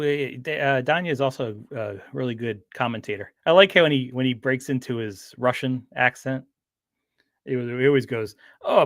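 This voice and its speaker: A man's voice: mid-range voice, no room sound, studio quality. Rambling man chatting on a stream. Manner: rambling, with frequent restarts and fillers. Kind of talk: casual livestream chat.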